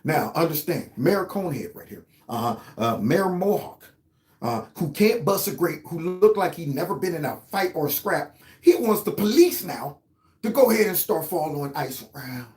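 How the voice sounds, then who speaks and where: Fairly high-pitched yet darkish in tone, a male host speaks at normal speed with lively intonation. His political commentary is heated, mocking and sarcastic, recorded with a roomy echo.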